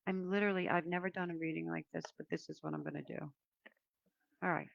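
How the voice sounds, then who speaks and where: Gravelly low-voiced woman reading cards. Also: fairly even intonation, dry recording, lo-fi sound. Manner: meandering, reflective, with frequent pauses and fillers. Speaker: oracle card reader. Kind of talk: casual spiritual card reading to viewers.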